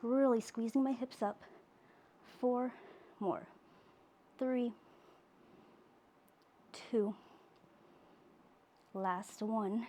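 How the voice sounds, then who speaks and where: A woman teaches a reformer pilates class while doing the moves herself, short of breath between cues. Her voice sits a little high but sounds mellow and soft-edged. She talks slowly, with a faint hiss of noise behind her. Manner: cueing exercises while working out, breathy exhales. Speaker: pilates instructor. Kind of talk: workout class instruction.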